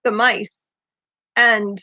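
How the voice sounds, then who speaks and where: A woman's voice: medium pitch, little pitch movement, drawn-out words, sharp tone, dry recording. A woman hosting a casual book discussion, chatty and eager, who laughs often. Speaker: podcast host. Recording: dull lo-fi dry sound.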